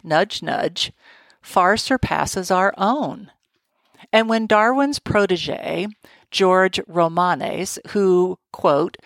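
A woman's voice: lowish voice, no echo. A woman hosting a solo podcast, talking in a wry, digressive way with joking asides. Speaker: podcast host.

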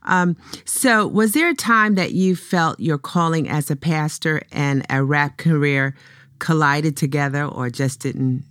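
An interview host in an easygoing conversation, affirming the guest and building long questions. The voice sits at a middle pitch. The sound is dry and close. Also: measured pace, fairly bright tone, no echo. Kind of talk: casual interview.

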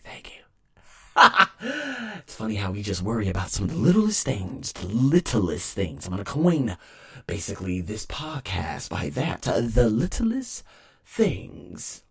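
A man's voice: lowish voice, creaky, warm tone, slightly rough. A man podcaster delivering a rambling, emphatic solo rant.

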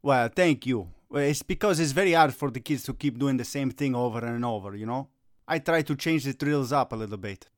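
A man's voice: medium pitch, a little fast, no room sound. Brief: middle-aged male coach, brooding and theatrical, dry close sound. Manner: gloomy, melodramatic rants that flare into agitated Italian cursing. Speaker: youth soccer coach. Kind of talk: comedic sketch dialogue.

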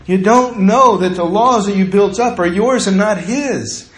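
This sermon comes from a male pastor with a voice on the high side for a man, talking in a conversational preaching style. He eases into slower, quieter speech for emphasis, and the room's echo suggests a spacious church.

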